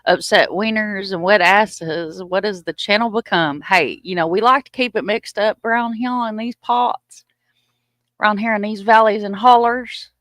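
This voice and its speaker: A woman's voice: mid-range voice, moderate pace, fairly bright tone, no echo. A woman hosting a casual livestream chat, folksy and joking. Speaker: livestream host.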